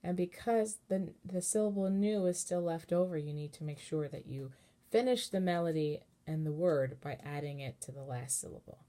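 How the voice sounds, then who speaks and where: A woman cantor giving a relaxed, patient lesson on chanting, explaining step by step and singing short chanted examples. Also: low-pitched, moderate pace. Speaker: cantor teaching Torah chanting. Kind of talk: informal online lesson with sung examples.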